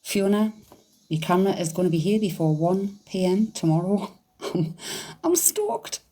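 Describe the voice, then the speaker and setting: Chatty woman, mellow voice. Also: fairly low pitch, normal speed. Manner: chatty, excitable, laughs often, swears casually. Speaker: psychic medium livestreamer. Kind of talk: casual livestream chat reading comments.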